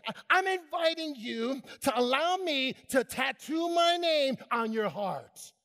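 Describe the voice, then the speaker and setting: A man's voice: very high-pitched, expressive, unhurried, vocal fry, hardly any pauses, bright, forceful tone, long reverb tail. A man in his sixties preaching a fervent keynote sermon, calling out questions to the crowd. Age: 60s. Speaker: conference keynote speaker.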